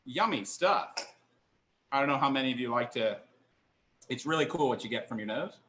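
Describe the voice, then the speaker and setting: With an expressive, sharp-toned mid-range voice at a moderate pace, a middle-aged wine instructor speaks in an echoey room. He's leading a live online tasting class from his indoor kitchen counter, chatty, enthusiastic and poking fun at himself.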